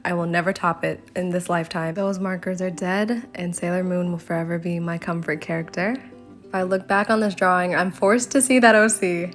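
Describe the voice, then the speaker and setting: A young woman chatting casually while she shows her sketchbook, often breaking into embarrassed giggles and rambling asides. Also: fairly low pitch. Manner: giggly, self-conscious, rambling. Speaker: artist vlogger. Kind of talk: casual sketchbook tour chat.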